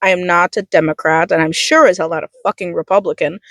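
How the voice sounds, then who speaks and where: A woman's voice: lowish voice, fairly even intonation, fast, fairly bright tone, no echo. A young woman from the United States vlogging a heated, profane political rant at her school, fighting back tears. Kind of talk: emotional political rant to camera.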